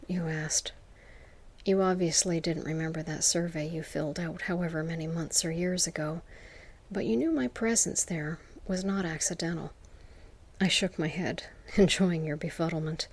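A woman narrating an intimate whispered role-play to the listener, in a soft, slow, seductive whisper. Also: low voice, steady tone.

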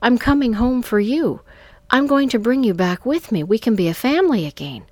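A woman's voice: mid-range voice, normal speed, no room sound, pitched above the performer's own voice, natural voice. Woman doing an eager man on the phone. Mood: excited.

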